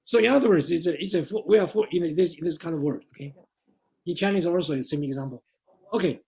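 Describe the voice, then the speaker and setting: A man's voice: a little high, fast, gravelly, mellow. A man lecturing at a seminar in a chatty way, often laughing and stumbling over his words.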